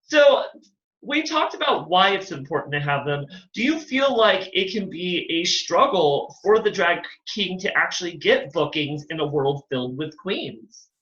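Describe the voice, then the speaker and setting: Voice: mid-range voice, lively intonation, measured pace, fairly bright tone. A drag queen hosting a casual interview, enthusiastic and full of compliments. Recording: echoey, muffled lo-fi audio.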